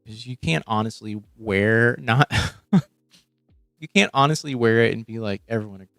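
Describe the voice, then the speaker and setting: A man's voice: medium pitch, a little slow, gravelly, a bit bright, no room sound, faint music behind. A young man on a live stream reacting to a podcast, swearing freely and muttering sarcastic asides. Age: young adult.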